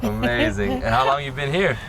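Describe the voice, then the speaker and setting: A man's voice: medium pitch, very animated, moderate pace, over music. A man, a travel food vlogger, chatting with locals outdoors in an eager, curious way. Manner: curious, enthusiastic interviewer. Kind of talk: casual on-street chat. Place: outdoors on a street. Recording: noisy outdoor street recording.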